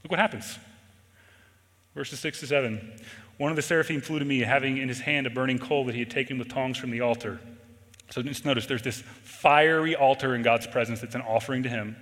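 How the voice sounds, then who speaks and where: A man's voice: mid-range voice, brisk. Earnest preacher man in a reverberant hall. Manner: earnest, swings between loud emphasis and quiet intensity. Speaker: pastor. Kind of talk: sermon.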